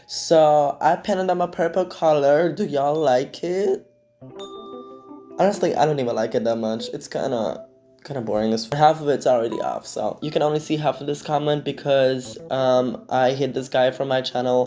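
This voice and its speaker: A man's voice: mid-range voice, dark tone. A teenage boy, sarcastically reading and answering comments in a casual commentary, swearing often. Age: teens. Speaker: YouTube commentator.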